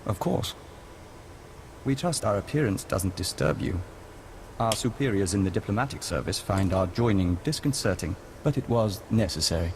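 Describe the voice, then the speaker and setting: An actor playing a calm, formal male diplomat bonded to an insect hive, who speaks of himself as "we", in video game dialogue. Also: lowish voice, normal speed, natural voice. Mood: measured. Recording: game audio with background noise.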